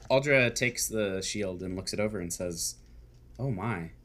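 A man narrating as game master of a tabletop game, talking in halting bursts full of fillers and restarts. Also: fairly low pitch, fairly bright tone.

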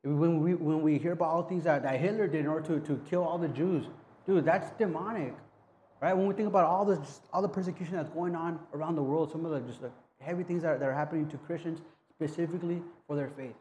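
Mellow-voiced man preaching casually. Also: on the high side, a little hiss or hum. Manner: casual, halting, frequent restarts and "right?". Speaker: pastor. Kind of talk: conversational sermon.

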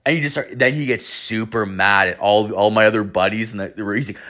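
A man's voice: on the low side, fast talker, few pauses, fairly bright tone. Profane, rambling young guy. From Canada. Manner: profane, rambling, filler-heavy. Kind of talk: casual storytelling.

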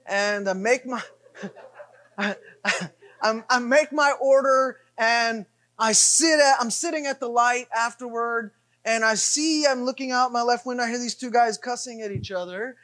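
A middle-aged man preaching, telling a self-deprecating story in an animated way with repeated refrains. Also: extremely high pitch, a little slow. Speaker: pastor. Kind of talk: sermon storytelling.

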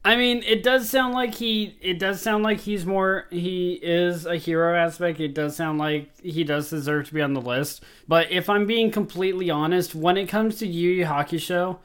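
A man's voice: high-pitched, moderate pace, hardly any pauses, a bit bright, clean tone. A man co-hosting a podcast, chatting about anime in a laid-back way. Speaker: podcast co-host. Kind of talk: casual chat about anime.

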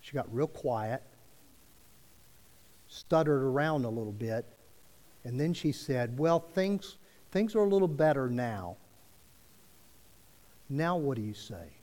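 Storytelling preacher in a reverberant hall. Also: male voice, mid-range voice, lively intonation, slow pace, pauses often, darkish tone. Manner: conversational, quotes dialogue with restarts. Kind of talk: sermon storytelling.

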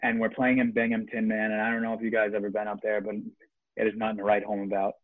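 A man's voice: fairly low pitch, completely flat delivery, fast, no room sound, narrow, tinny audio. A young man, a guest on a casual podcast, telling a long, rambling, profane story about junior hockey.

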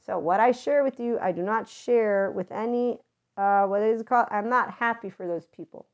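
A woman's voice: mid-range voice, moderate pace. A woman host telling personal stories in a blunt, profane way, often breaking into laughter. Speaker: podcast host. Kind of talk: candid storytelling monologue. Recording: dull lo-fi recording.

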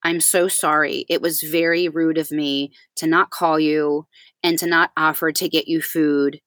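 Animated woman telling a story, low voice. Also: no room sound. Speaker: podcast co-host. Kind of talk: casual chat.

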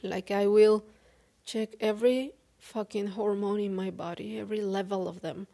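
A woman speaking English as a second language in a personal confessional vlog. She sounds weary and frank, talks haltingly, and swears often. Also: medium pitch, steady tone, vocal fry, dark tone. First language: not English. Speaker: vlogger.

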